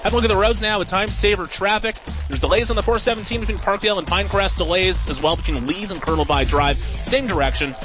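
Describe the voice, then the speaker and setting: Male traffic reporter, brisk, music bed under, slightly dull broadcast sound. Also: sits high. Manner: brisk, informative. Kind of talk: radio traffic and weather report.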